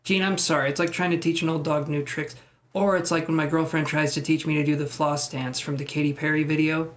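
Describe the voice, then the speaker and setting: A man with a slightly high voice gives tarot readings on a live stream. He chats easily with his viewers and pokes fun at himself. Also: level tone, brisk, a bit bright. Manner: chatty, self-deprecating. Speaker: tarot reader.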